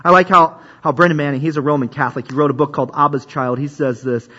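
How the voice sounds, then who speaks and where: A man's voice: a little high, steady tone, fast, pushed and bright. A man preaching a sermon in a conversational way, often repeating himself and restarting sentences. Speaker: pastor. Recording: dull lo-fi recording.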